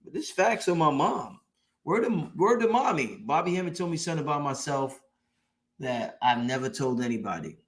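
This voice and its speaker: A man hosting a late-night online show delivers a preachy, emphatic motivational talk, repeating points and casually swearing. His slightly high voice moves at a normal speed with big pitch swings.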